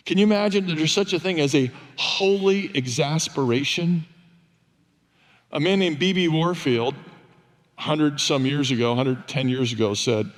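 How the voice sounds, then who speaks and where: An older man preaching a sermon, telling stories in a conversational, wry, self-deprecating way. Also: on the high side. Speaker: pastor. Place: church sanctuary. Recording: long church reverb.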